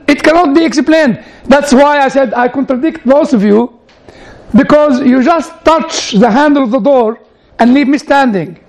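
A man's voice: extremely high pitch, rough recording. A man preaching a conversational sermon, often turning to the audience with "you know" and side questions. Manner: chatty, leans on "you know" and audience asides.

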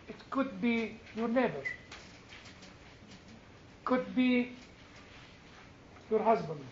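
A man with a notably high voice teaches a church class, moving from personal stories to pointed questions for his listeners. The room is echoey and the sound a little muffled, with faint background noise. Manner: storytelling, asks the room questions, builds to forceful emphasis. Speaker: Orthodox clergyman teaching a class.

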